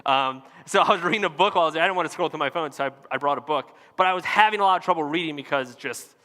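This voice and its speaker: A man's voice: fairly high pitch, very fast, pushed and bright. A man in his thirties, a pastor, telling a self-mocking family story in a conversational sermon to a large church room. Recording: long hall reverb.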